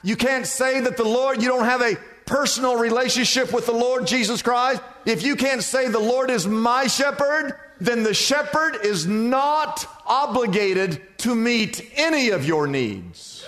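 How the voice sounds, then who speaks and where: A man preaching a sermon to a church, with dramatic phrasing that swoops from high to low and falls quiet. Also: animated. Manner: dramatic preaching, drawn-out phrases, sharp drops in pitch and loudness. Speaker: pastor. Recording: long reverb of a church hall.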